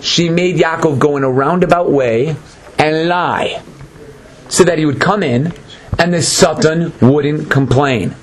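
A man giving an animated Torah lecture, dramatic and acting out the voices of the people in his story. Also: unhurried. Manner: dramatic, acts out voices, swings between high and low. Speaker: Torah teacher.

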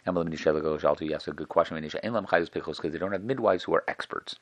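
A man teaching a text aloud, translating line by line and quickly acting out the exchanges between the characters. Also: dry recording. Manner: fast, acting out the dialogue with raised-pitch questions. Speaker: Talmud teacher.

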